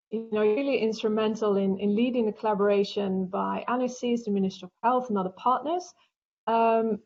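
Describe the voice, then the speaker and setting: A woman moderating an online panel, asking measured questions over a video call. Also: mid-range voice, darkish tone, lo-fi sound.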